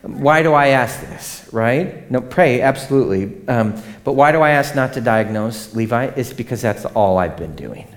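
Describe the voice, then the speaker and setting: Guy pastor giving a sermon, chatty and animated, keeps asking the room questions, voice jumps up and down a lot. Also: medium pitch, moderate pace, hardly any pauses. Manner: conversational, animated, asks the congregation questions.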